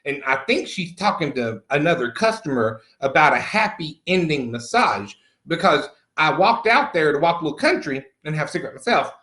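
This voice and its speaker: A man's voice: on the high side, sing-song, moderate pace, hardly any pauses, bright, forceful tone. A middle-aged man playing a crude, brash country man, cursing freely and calling everyone honey. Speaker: comedy character host. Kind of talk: improvised comic monologue. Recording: roomy echo.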